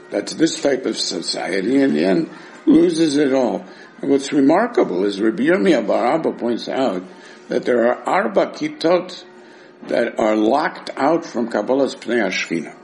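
A man's voice: a little high, creaky, a little mellow. A man teaching a Talmud class, explaining the texts with wry, sarcastic asides.

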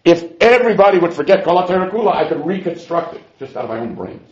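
An indignant, boastful old sage, put on by a man telling the story, scolding in a raised, lively voice. The recording is muffled and lo-fi. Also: high voice, a little fast. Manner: scolding, incredulous.

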